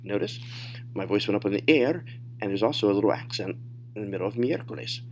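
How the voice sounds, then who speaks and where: A man teaching a recorded Spanish lesson, modeling phrases slowly and explaining pronunciation. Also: fairly low pitch, lively intonation, a little hiss or hum. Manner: slow, deliberate modeling of phrases.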